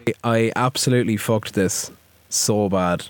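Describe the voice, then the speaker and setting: Man, podcast co-host, mid-pitched voice, fed-up sweary play-by-play, dry close sound. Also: a little slow, clean tone, no echo. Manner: exasperated, sweary. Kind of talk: frustrated live game commentary.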